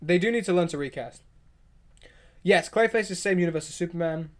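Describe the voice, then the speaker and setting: Excitable higher-voiced male streamer. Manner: excitable, rambling, quick restarts and opinionated asides. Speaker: livestream host. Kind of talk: casual livestream chat, reacting to viewer comments.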